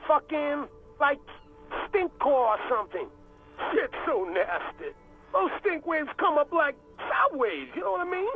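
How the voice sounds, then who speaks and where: A man's voice: extremely high pitch, big pitch swings, measured pace, soft background music, full character voice. An actor playing a laid-back, crude male radio DJ who talks in drawling slang, heard through a phone line in a video game. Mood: stoked. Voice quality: drawling slangy talk, heavy swearing.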